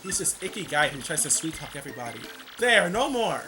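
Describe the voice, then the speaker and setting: A man voicing a sassy young female goomba with a loud, sharp, squealing delivery over game music. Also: medium pitch, quick pace, lightly acted. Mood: disgusted. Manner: loud, disgusted, sharp-tongued. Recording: game music playing behind.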